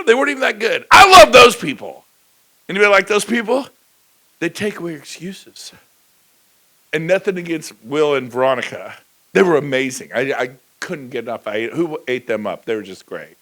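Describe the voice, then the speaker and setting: A man giving a high-energy motivational talk at a conference, joking with the crowd and slipping into quick impressions of people. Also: lively intonation, pushed and bright. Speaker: keynote speaker. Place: large conference hall.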